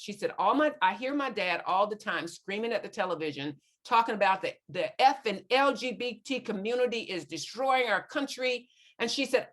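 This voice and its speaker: A woman's voice: medium pitch, animated, normal speed, hardly any pauses. Earnest woman retelling student stories. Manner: earnest, retells conversations with many quotes. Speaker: guest speaker on parenting teens. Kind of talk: storytelling talk to a parents' group.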